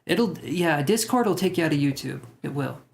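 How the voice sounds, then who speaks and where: A young tarot livestream host with a high-leaning, expressive, gravelly voice talks at a moderate pace. He chats casually with viewers, reads out their comments, and rambles along with self-deprecating jokes.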